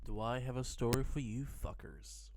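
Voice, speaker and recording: A man's voice: mid-range voice, fairly even intonation, normal speed. A man telling an awkward story on a podcast, wry and swearing as he builds suspense. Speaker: podcast co-host. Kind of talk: casual storytelling chat.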